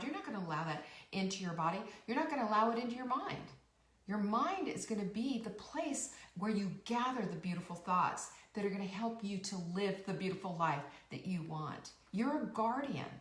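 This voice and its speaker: A woman's voice: mid-range voice, fairly bright tone, reverberant, far from the mic. A woman host giving a rousing motivational talk, emphatic and repeating her key phrases. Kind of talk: motivational live-stream talk.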